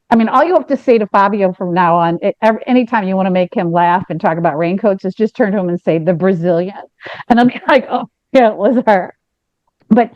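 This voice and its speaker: A woman co-hosting a podcast, telling a frank story in an animated, rambling way with many restarts. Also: fairly high pitch, no echo, highs cut off. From United States. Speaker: podcast co-host. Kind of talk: candid storytelling chat.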